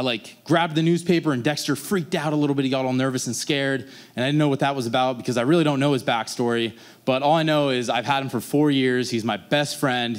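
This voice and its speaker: A young man telling a rambling personal story on stage at a live story slam, jumping up in pitch when he acts out his own past lines. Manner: rambling, animated, plays out his own past dialogue in a raised voice.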